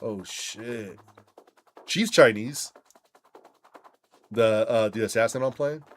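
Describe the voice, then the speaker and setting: His voice is on the low side and he speaks slowly. He's a gaming channel host giving casual commentary mid-game, an animated storyteller who swears as he goes.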